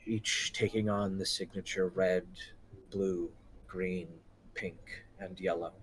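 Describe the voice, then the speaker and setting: A man narrating a tabletop game as game master, describing the scene slowly. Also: deep voice, fairly even intonation, a little hiss or hum, rough recording. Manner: slow, drawn-out descriptive narration.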